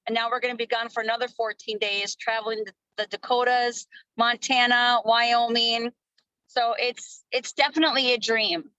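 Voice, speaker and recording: A woman from Minnesota in her thirties giving a casual, energetic motivational training talk to her sales team, swearing freely. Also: on the high side, normal speed, no room sound, highs cut off. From Minnesota, USA. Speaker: network marketing team leader.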